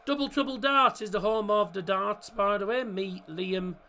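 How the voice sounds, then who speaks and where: Bright high-voiced man hosting a match watchalong. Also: normal speed, slight background noise. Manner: chatty and rambling, corrects himself, chats with viewers. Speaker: host of a football watchalong stream. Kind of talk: casual live match commentary.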